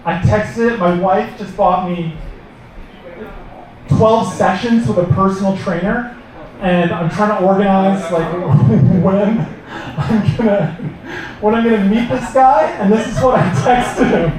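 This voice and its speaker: A man with a high voice tells a story on a comedy club stage, slipping into panicked quoted lines as he goes. He is picked up from far off in a very echoey room, with an audience clearly heard around him. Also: unhurried, a crowd in the background. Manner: animated, acts out panicked quotes. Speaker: stand-up comedian. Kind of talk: stand-up storytelling.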